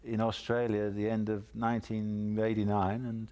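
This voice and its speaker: A man appearing as a guest on a call-in golf show, chatting casually and telling lively anecdotes. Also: on the low side, normal speed, dull audio. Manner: animated storyteller, chuckles through anecdotes. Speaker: guest golfer. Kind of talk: casual chat.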